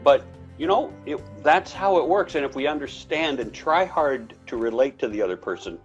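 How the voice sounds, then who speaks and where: Co-hosting a relaxed podcast conversation about relationships, a man shares anecdotes and performs snippets of dialogue with big leaps in pitch. His expressive voice moves at normal speed; the highs in the recording are cut off, and faint music plays underneath.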